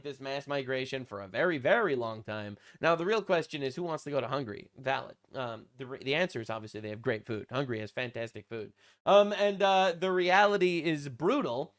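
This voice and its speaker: A young adult man giving casual online commentary, crude and mocking, rambling with lots of fillers. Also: mid-range voice. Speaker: commentary channel host.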